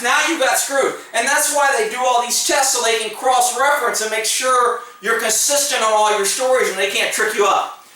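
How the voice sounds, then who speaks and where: High, bright-voiced man in an echoey room. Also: steady tone, moderate pace, distant mic. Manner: blunt, joking, acts out quoted exchanges with laughs. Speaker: former police officer. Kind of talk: casual storytelling monologue.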